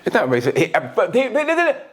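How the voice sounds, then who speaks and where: A middle-aged man co-hosting a podcast, telling stories in casual conversation and acting out the voices of the people in them. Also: fast talker. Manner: animated storytelling, swings between high and low, acts out quotes. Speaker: podcast co-host.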